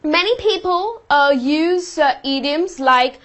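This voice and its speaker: A woman's voice: high-pitched, unhurried, few pauses, a bit bright. A woman teaching a vocabulary lesson, patiently explaining word meanings with example sentences. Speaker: English teacher.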